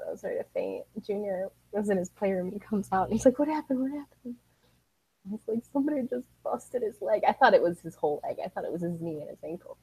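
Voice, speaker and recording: A woman with a husky, slightly breathy voice chats bluntly on a talk radio show. The sound is dry and close, with no room around it. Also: medium pitch, warm tone, no room sound, low-quality recording. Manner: chatty, blunt, storytelling, laughs easily. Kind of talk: casual sports talk chat.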